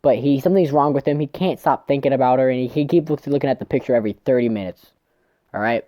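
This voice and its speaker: A man's voice: medium pitch, fast, no echo, muffled recording. A man casually recapping a manga chapter, rambling, swearing and tripping over his words. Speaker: manga reviewer.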